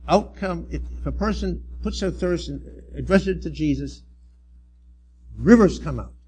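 A middle-aged man, a church elder, preaching a sermon in an earnest, halting way with restarts and emphatic swells. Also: fairly high pitch, animated, a little mellow, slightly rough.

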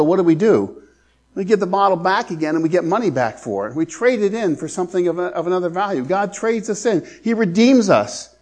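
Earnest slow-preaching male pastor. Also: high-pitched, darkish tone. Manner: earnest preaching, slows down to stress scripture. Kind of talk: sermon.

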